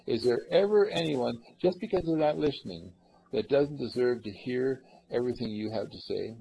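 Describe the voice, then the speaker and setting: A man's voice: vocal fry, poor audio. A man giving an earnest, rambling spiritual talk to a group, with many fillers. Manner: acts out callers in lively higher voices. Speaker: spiritual teacher.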